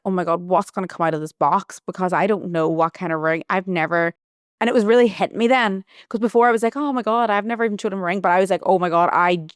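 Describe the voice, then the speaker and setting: A woman with a fairly low, clean voice hosts her own podcast, recorded at studio quality with no echo. She tells a personal story as a casual monologue, chatty and rambling, saying "like" a lot.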